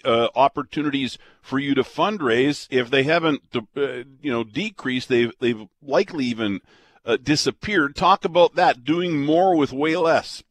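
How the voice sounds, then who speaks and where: A man's voice: on the high side, no echo. A man hosting a radio talk show, asking questions in a conversational, prompting way. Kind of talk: radio interview.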